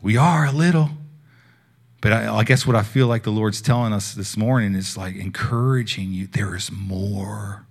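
A young man preaching, telling a personal faith story in a casual, heartfelt way that swings between hushed and loud. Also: lowish voice, normal speed. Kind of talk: sermon testimony.

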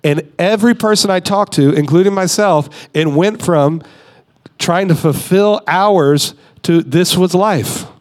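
A man's voice: high-pitched, measured pace. A man in his thirties, a guest speaker giving a conversational, emphatic sermon with his own voice.

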